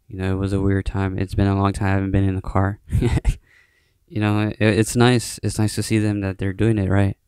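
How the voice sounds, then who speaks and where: Low gravelly man rambling casually. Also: warm tone, no echo. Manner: rambling, heavy swearing, many fillers. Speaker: podcast host. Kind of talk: casual solo monologue.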